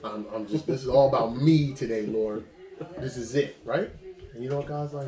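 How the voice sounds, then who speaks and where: Fairly quick and mid-range in pitch, this pastor's voice carries through an echoey room with a crowd in the background. His preaching is informal and exhortative, spoken straight to the listener like a conversation.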